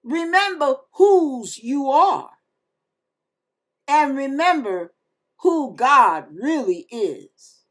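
Woman, online preacher, high voice, unhurried delivery, fervent, emphatic, devotional sermon. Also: very animated, a bit bright. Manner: fervent, emphatic, breaks into gospel singing; addresses listeners as y'all and you guys. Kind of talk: devotional sermon with scripture reading and singing.

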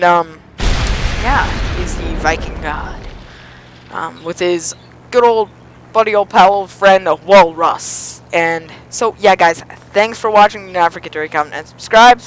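A teenage boy giving let's play commentary on a flight combat game, yelping and pleading at the screen as he plays. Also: high voice. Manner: excitable, yelps and pleads at the game. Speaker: gaming YouTuber. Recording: noisy game audio behind voice. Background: engine and gunfire game sounds.

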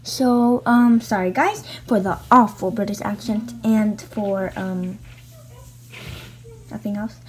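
A woman's voice: mid-range voice, slow pace, a little mellow. A woman hosting a casual drawing tutorial, chatty and self-deprecating.

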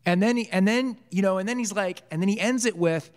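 Man, Bible study teacher, higher voice, chatty and joking, long hall reverb. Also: a little fast, few pauses. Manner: joking, conversational, quizzes the group. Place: church hall.

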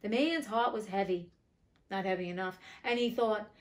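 A woman's voice: mid-range voice, moderate pace. Woman reading a fairy tale with blunt asides. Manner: blunt, profane, indignant asides. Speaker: audiobook reader and host.

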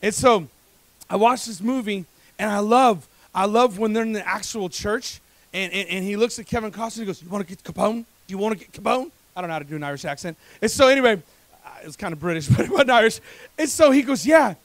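Male pastor, high voice, lively sermon, talks to the crowd, stumbles and repeats words. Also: quick pace, no room sound. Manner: energetic, conversational, jokes with the congregation, asks rhetorical questions; repeats words when speeding up. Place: church service.

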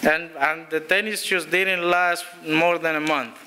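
A pastor preaching in a church, his high voice sharp and very bright. He tells stories in a loose, chatty way, restarting phrases and chuckling. A faint hiss sits under the recording. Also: steady tone, a little slow. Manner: storytelling with frequent restarts and chuckles. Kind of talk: conversational sermon. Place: church sanctuary.

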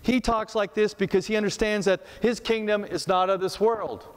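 Male pastor, slightly high voice, chatty preaching full of rhetorical questions, long sanctuary reverb. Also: fairly even intonation, normal speed, clear, resonant tone. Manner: conversational, asks rhetorical questions, repeats words. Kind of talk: sermon. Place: church sanctuary.

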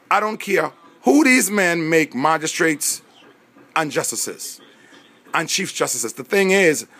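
A man's voice: a little high, creaky, fairly bright tone. A man with a Bahamian accent giving an impassioned, rambling monologue, full of indignation and frequent restarts. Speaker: self-recorded speaker.

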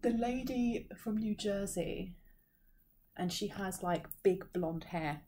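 A woman's voice: medium pitch, slow pace, warm tone. A woman giving an intuitive tarot reading to her viewers, rambling and searching for words with frequent sighs. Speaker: tarot reader and medium.

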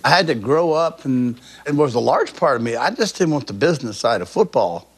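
A man in his seventies from the American South with a Southern accent, telling stories in a folksy, animated way in a documentary interview. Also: mid-range voice, fairly quick. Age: 70s. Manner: animated, folksy storytelling with big swings in voice. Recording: music bed underneath.

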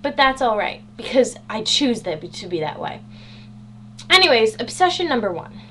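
A bubbly teenage girl vlogging from her room, her voice sitting a little high as she jokes about herself with a dry, sarcastic edge. A faint hum runs under the webcam audio. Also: big pitch swings, normal speed, pushed and bright. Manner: bubbly, sarcastic, self-mocking. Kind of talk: casual chatty vlog. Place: home bedroom.

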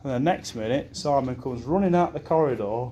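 A man's voice: mid-range voice, lively intonation, fairly quick, mellow, muffled recording, a little hiss or hum. A young man giving a best man speech at a wedding, rambling through anecdotes and laughing at his own stories, swearing casually. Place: wedding reception room.

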